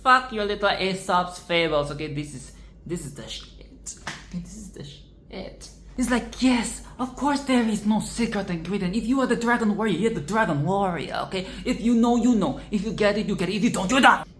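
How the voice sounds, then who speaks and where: A woman's voice: medium pitch, lively intonation, moderate pace, echoey room, a little hiss or hum. A young woman casually reviewing a film, emphatic and profane, often tagging "okay?".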